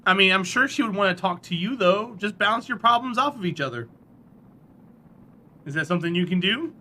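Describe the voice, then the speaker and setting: A man's voice: high-pitched, expressive, a little fast, bright, forceful tone, slight background noise. A man streaming a space game live, chatting casually and encouraging his viewers as he plays.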